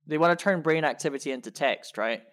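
A woman's voice: sits low, fast talker. Scottish woman chatting casually. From Scotland. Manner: chatty, laughs easily, thinks aloud with fillers. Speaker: podcast co-host. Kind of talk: casual chat about a science article.

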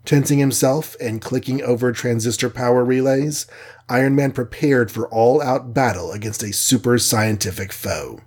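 A man narrating a children's adventure audiobook in a steady, measured reading voice. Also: mid-range voice. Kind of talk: scripted storybook narration.

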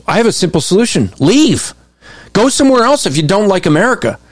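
Man, fairly high voice, dry close sound, emphatic commentary that restarts often. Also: sing-song, a little fast, no echo. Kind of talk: commentary over video clips.

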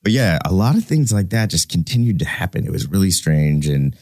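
A man's voice: low-pitched, animated, fairly quick, darkish tone, no room sound, clean studio sound. A man in his thirties co-hosting a podcast, talking candidly in a casual way, swearing freely and often restarting his sentences. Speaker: podcast co-host.

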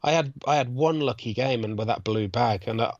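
A man co-hosting a casual arcade podcast, easygoing and quick to chuckle. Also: mid-range voice, a little mellow, dry recording, lo-fi sound. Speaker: podcast co-host.

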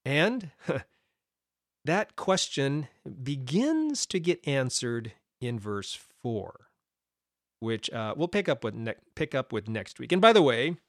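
A man teaching a Bible study podcast, animated and emphatic, with conversational asides and restarts. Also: mid-range voice, slow pace, no echo, clean studio sound. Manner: animated, emphatic with repeated stresses and brief laughs.

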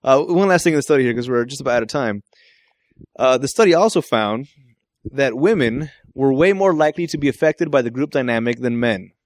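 A man co-hosting a podcast in casual chat, laughing often and agreeing quickly. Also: medium pitch, expressive, no echo. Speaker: podcast co-host.

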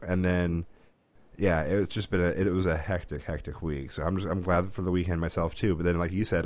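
A man with a very deep, low voice tells long family stories at a quick clip. He rambles, restarts sentences and laughs often as he co-hosts a casual podcast chat. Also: darkish tone. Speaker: podcast co-host.

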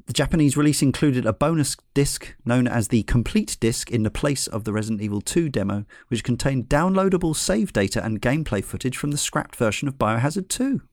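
A man hosting a podcast, chatting casually with many pauses and fillers. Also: medium pitch, no echo, studio quality. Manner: relaxed, hesitant, many fillers. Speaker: podcast host. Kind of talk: casual podcast chat about retro games.

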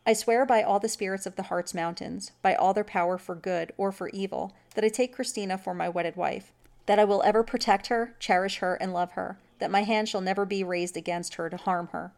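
A woman's voice: medium pitch, steady tone, brisk, creaky, a little mellow, lightly acted. A woman reading a story aloud, voicing a stern and secretive middle-aged huntsman who speaks solemnly and commandingly. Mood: solemn oath.

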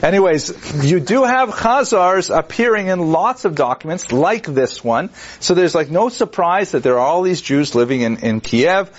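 A man gives a university lecture in a loose, conversational style, full of fillers and restarts, and acts out quoted figures in wry asides. His voice is a little high, with lively intonation and a moderate pace. The recording sounds muffled.

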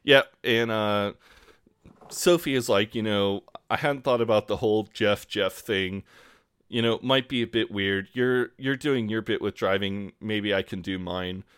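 A man with a low voice co-hosts a podcast, relaxed and casual as he recaps a TV episode. He quotes the characters freely and swears now and then. His voice is recorded dry and close, with no room sound around it. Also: a little slow, smooth, dry recording. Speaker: podcast co-host.

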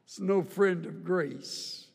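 Older male pastor, folksy joking sermon delivery, slow pace, echoing hall. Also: sits high, creaky, slightly rough. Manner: folksy storytelling with humor, repeats words. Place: church auditorium.

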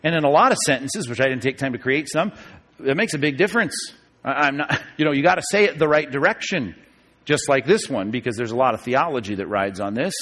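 A man, a pastor, teaching a Bible study class about Greek grammar, joking and slowing down to spell out key sentences. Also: mid-range voice. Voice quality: lively, joking, moves between quick asides and slow deliberate reading.

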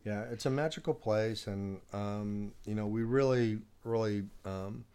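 A man's voice: lowish voice, unhurried, mellow, clean tone. A man telling a long personal story in a casual chat, rambling with many restarts and fillers, often laughing as he talks.

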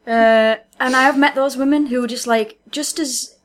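A woman's voice: sits high, steady tone, measured pace. A woman co-hosting a podcast, chatting casually and laughing often, with frequent restarts. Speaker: podcast co-host. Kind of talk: casual chat.

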